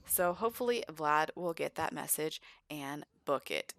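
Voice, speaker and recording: A woman's voice: deep voice, expressive, moderate pace, creaky, hardly any pauses, a bit bright. A woman chattily narrating her life-sim game play as host of a let's play. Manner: chatty, storytelling. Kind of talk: casual game commentary.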